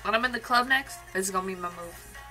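A woman's voice: mid-range voice, fast talker, sharp tone, rough recording. A young woman hosting a music video reaction, chatty and gushing as she comments. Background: faint music.

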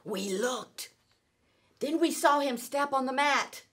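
A woman teacher reading a rhyming children's book aloud in an expressive, sing-song storytelling manner. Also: high voice, takes it slowly, husky. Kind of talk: children's read-aloud narration.

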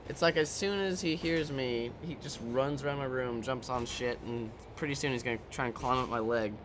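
A man's voice: medium pitch, normal speed, background noise. A man giving casual let's-play commentary while he games, rambling, joking and swearing. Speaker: gameplay commentator.

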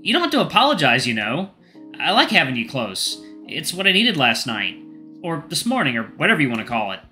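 A man voicing a shy, weary young male creature who speaks quietly and hesitantly. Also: a little high, huge pitch swings, fairly quick, soft background music, pitched above the performer's own voice, heavily acted. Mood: tender.

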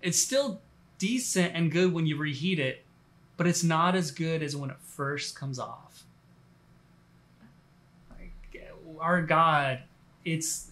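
A man giving a relaxed, conversational sermon, full of fillers and restarts. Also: on the high side. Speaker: pastor.

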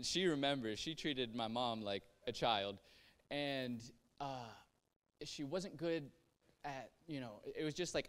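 A young man, a pastor, telling his life story in a relaxed, chatty way, full of "like" fillers and light self-mocking humor. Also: mid-range voice, takes it slowly. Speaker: pastor sharing testimony. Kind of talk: casual personal testimony.

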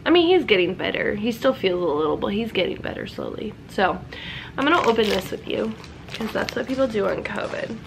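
A woman's voice: medium pitch, very animated, brisk, creaky, noisy background. Congested young woman vlogging. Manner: chatty, bubbly, lots of "like". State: stuffed up, congested. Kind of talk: casual vlog chat.

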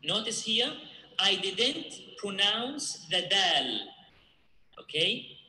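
Male teacher, high and very bright voice, patient drill style, echoey room. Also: big pitch swings, slight background noise. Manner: patient, repeats points and checks with "okay?"; chants Arabic verses louder and faster. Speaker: Quran recitation teacher. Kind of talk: tajweed lesson with repeat-after-me drills.

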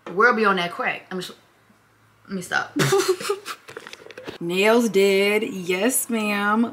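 Bright-voiced chatty young woman vlogger. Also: medium pitch, lively intonation, drawn-out words, long pauses, slight background noise. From Michigan, USA. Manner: rambling, chatty storytelling, slips into Southern-style slang. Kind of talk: casual chat.

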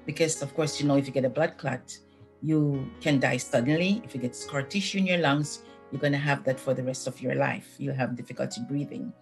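An older woman giving a personal church testimony, telling it earnestly with frequent pauses and restarts. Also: a bass voice, soft background music. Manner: earnest, halting retelling with many restarts.

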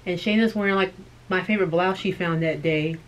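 A woman's voice: fairly low pitch, slight background noise. Chatty joking woman vlogger. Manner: chatty, joking, quick asides. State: recovering from illness. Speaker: co-host of a thrift channel. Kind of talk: casual chat.

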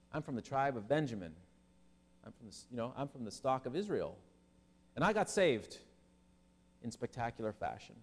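Animated pastor preaching in an echoing hall. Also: male voice, medium pitch. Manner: animated preaching, humorous asides to the congregation. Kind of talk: sermon. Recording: long hall reverb.

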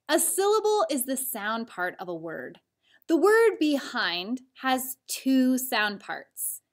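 A woman teaching a recorded spelling lesson for young children, her voice sitting a little high and swinging lively up and down. She is patient and clear, stretching words out slowly so listeners can clap each syllable with her.

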